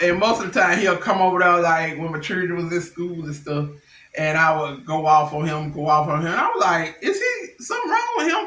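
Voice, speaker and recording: A middle-aged woman tells stories in a bright, forceful voice. She talks bluntly and animatedly, in slangy speech. The room has a noticeable echo. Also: lowish voice. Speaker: vlogger. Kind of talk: casual storytelling. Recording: echoey room.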